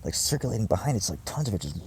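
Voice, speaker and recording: His lowish voice swings widely in pitch as he talks rapid-fire to his viewers, a vlogger caught in an intense, profane, meandering monologue. Fillers and restarted sentences abound, and there's background noise.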